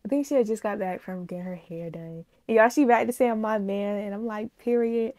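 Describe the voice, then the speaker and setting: A woman vlogger talks straight to her viewers in a casual reaction video. She is animated and gushing, and she calls them y'all. Her voice sits at an ordinary middle pitch, recorded dry and close with no room sound. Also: fairly quick, no echo. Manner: emotional, gushing.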